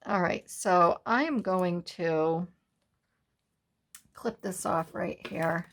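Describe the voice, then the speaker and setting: Gravelly low-voiced woman chatting while crafting. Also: drawn-out words. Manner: chatty, storytelling, laughs easily. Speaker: collage artist hosting a craft challenge. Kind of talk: casual chat while crafting.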